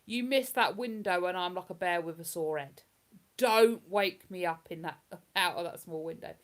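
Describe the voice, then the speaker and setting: A woman's voice: fairly low pitch, normal speed. A woman with a London-area English accent hosting a casual live stream, chatting, rambling and reading out viewer comments. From England. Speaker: livestream host.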